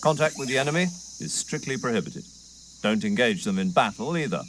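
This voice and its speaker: A man's voice: mid-range voice, animated, brisk, a bit bright, slight background noise, lightly acted. A man voicing a stern male military commander giving orders over the radio in a video game. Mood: commanding. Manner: firm, commanding briefing.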